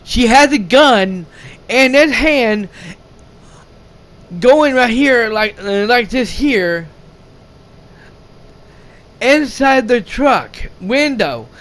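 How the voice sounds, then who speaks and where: An expressive young man with an extremely high-pitched voice draws out his words and pauses often as he rants casually about a movie. As a reviewer, he swears constantly, trips over his words and starts again, laughs, and yells quoted lines.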